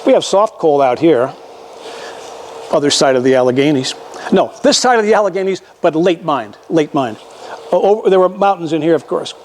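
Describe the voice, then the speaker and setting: An older man gives a folksy history lecture, his voice sitting a little high for a man. He talks conversationally and often repeats or restarts his words as he works through his slides. A faint hum of room noise runs underneath. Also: expressive, normal speed, darkish tone.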